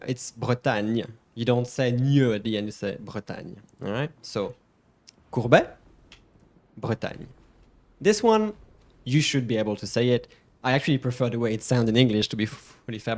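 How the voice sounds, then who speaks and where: A French man with a French accent, co-hosting a casual stream and playfully teaching pronunciation with drawn-out, emphatic words. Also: mid-range voice, lively intonation, a little mellow. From France. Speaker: co-host.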